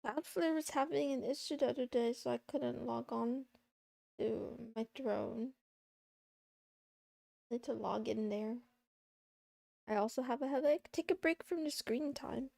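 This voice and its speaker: A woman's voice: fairly high pitch, unhurried, vocal fry, pauses often, mellow, no room sound. A woman streaming from her desk at home, chatting casually and playfully and teasing her chat. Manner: playful, teasing chat, meowing between remarks.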